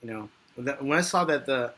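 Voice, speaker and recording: A man's voice: mid-range voice, lively intonation, fast talker, pushed and bright. A man giving live stock market commentary in a rambling, frustrated, joking way.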